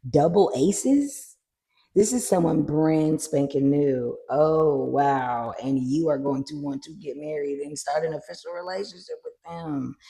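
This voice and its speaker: A tarot reader chatting casually through a card reading, animated and swearing freely. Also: medium pitch, measured pace, vocal fry, few pauses. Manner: animated, swears freely, acts out little scenes.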